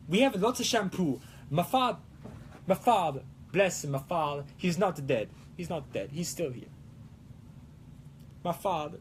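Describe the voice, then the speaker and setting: Man doing a hammy fake-Italian rancher, high and bouncy, theatrical. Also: slight background noise. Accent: put-on Italian. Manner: theatrical, rambling, sing-song. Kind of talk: livestream chat in character.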